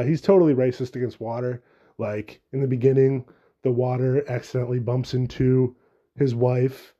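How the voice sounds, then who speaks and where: A man's voice: medium pitch, mellow, dull audio. A young man hosting a solo podcast, rambling and joking casually with frequent swearing. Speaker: podcast host.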